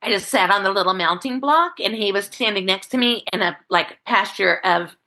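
A woman telling a personal story in an interview, candid and halting, choked up and close to tears, speaking over a video call. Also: medium pitch, sharp tone. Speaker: guest.

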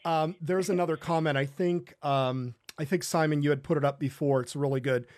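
A man's voice: on the high side, steady tone, a little mellow, no echo. Earnest host man, dry and close. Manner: earnest, halting with fillers. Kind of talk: casual faith talk show.

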